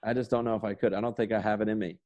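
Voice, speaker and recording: A man's voice: on the low side, fairly even intonation, rapid-fire, a little mellow, dull audio. A young man in his twenties, a sketch comedian guest, telling stories in a loose, rambling way with lots of "like" and swearing. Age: 20s. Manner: laid-back, rambling, peppered with "like" and swearing. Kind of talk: casual storytelling chat.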